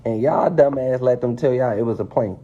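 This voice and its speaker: A man ranting casually and profanely to his viewers, spinning a conspiracy with animated, swearing delivery. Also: mid-range voice, fairly quick. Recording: dull lo-fi stream audio.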